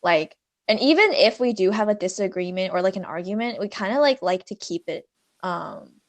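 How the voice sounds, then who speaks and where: Young woman podcast co-host, lively rambling chat, pitch swings around. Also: moderate pace. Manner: filler-heavy, animated storytelling. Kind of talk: casual chat.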